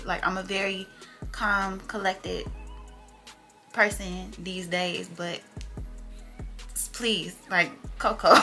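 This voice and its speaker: A young woman chatting through a storytime for her vlog, with a bright, crisp tone and a medium pitch. She talks in an animated, slangy way with a wry humor. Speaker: vlogger telling a story. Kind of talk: casual storytime chat.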